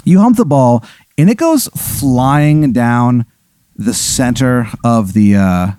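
A man's voice: mid-range voice, lively intonation, takes it slowly, warm tone, smooth, no echo, studio quality. A man improvising a comic story, rambling and acting out what other characters say.

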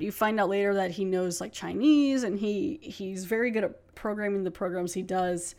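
A woman hosting a podcast, talking through an episode in a chatty, rambling way. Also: medium pitch. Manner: chatty, rambling with many fillers. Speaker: podcast host. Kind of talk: casual chat.

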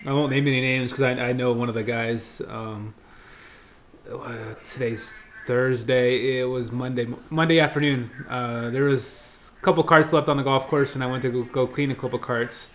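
A man's voice: medium pitch, fairly even intonation, normal speed, fairly bright tone, a little hiss or hum. A man co-hosting a casual chat, telling stories in a laid-back way and saying "yeah" often. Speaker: co-host, golf course worker.

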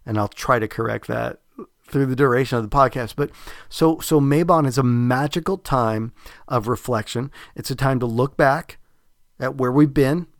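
A man's voice: mid-range voice, normal speed, no echo. A man with a Southern US drawl talks through a podcast episode in a loose, reflective ramble, full of fillers and false starts. His voice sits in a middle register. The recording is close and dry, with no room sound. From American South. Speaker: podcast host. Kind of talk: casual spiritual podcast talk.

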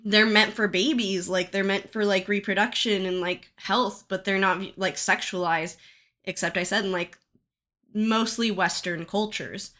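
A woman's voice: mid-range voice, steady tone, unhurried, sharp tone. A woman in a casual podcast chat, talking wryly with many fillers. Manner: chatty, many "like" fillers, wry.

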